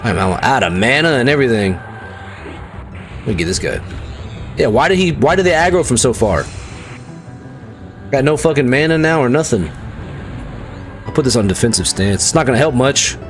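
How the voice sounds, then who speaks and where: A man streaming an online game live, reacting loudly, swearing freely and chatting with his viewers. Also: medium pitch, moderate pace, pauses often, soft background music. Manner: excitable, swears, talks to chat viewers. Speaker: livestreaming gamer. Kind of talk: casual live gameplay commentary.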